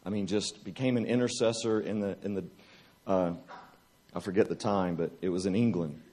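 Animated, joking male preacher. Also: low-pitched, normal speed. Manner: animated, joking storyteller who acts out scenes. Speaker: retreat speaker. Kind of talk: testimony-style sermon to a live audience. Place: church retreat gathering.

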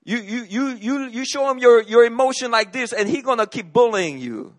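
A man's voice: extremely high pitch, animated, normal speed, pitched above the performer's own voice. A man voicing a blunt, tough older woman schoolteacher who scolds and gives orders. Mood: stern. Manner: scolding, commanding.

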